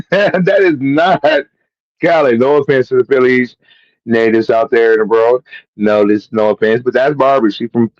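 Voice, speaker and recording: A man's voice: fairly high pitch, dry recording. A man hosting a casual livestream, joking and bantering loosely with his guests. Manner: laid-back, joking banter. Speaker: livestream host. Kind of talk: casual stream chat. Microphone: streaming call mic. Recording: dull lo-fi stream audio.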